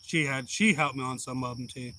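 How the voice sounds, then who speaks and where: A man's voice: medium pitch, brisk, pushed and bright, slight background noise, low-quality recording. A man, telling a rambling, profane story in a casual live-stream chat. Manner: rambling, blunt and profane, with heated retelling.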